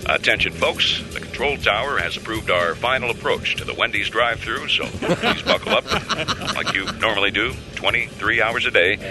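A man playing a calm airline pilot in a scripted comedy sketch, with a steady announcer delivery. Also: lowish voice, normal speed. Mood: deadpan. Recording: sketch with music bed.

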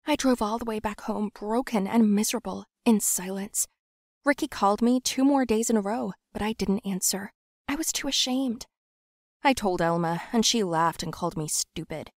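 A young woman narrating a first-person story in a confiding, dramatic way that swings from hushed to loud. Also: mid-range voice, normal speed, no echo, studio quality.

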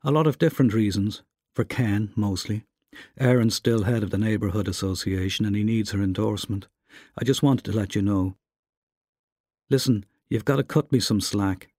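A man's voice: lowish voice, normal speed, darkish tone, dry recording, close to an everyday voice. A man reading aloud voices a wry, teasing young man in a story, in a voice close to his own. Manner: dry and teasing.

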